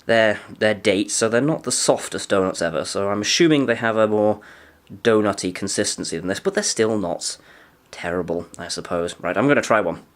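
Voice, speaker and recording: A man's voice: on the low side, normal speed. A young man giving a casual, dry-humoured food review, often talking while chewing. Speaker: food vlogger.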